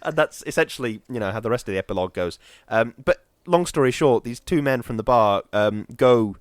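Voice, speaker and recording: A man talking casually on a podcast, rambling through stories and slipping into playful voices. His voice is mid-pitched, and the close, dry mic gives no room sound. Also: a little fast, no room sound. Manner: rambling, animated storytelling with playful put-on voices. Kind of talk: casual chat.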